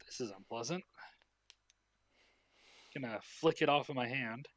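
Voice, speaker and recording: A man's voice: medium pitch, a little slow, a bit bright, dry recording. A man playing a tabletop game, making short dry remarks about his character's actions. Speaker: player.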